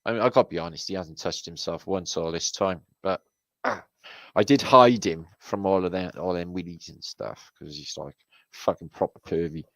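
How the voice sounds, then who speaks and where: A British man hosts a casual livestream and chats with his viewers in a loose, rambling way. His voice sits a little low, and he swears freely in chummy slang. The sound is dry and close, with no room around it. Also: normal speed, a bit bright, no echo, rough recording. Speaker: livestream host. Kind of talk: casual livestream chat, reading out viewer comments. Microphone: streaming setup mic.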